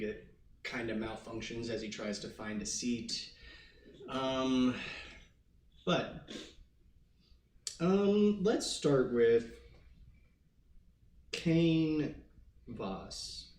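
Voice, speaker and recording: A man narrating a tabletop game as game master, loose and chatty with many fillers. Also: mid-range voice. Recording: roomy, distant mic, faint noise.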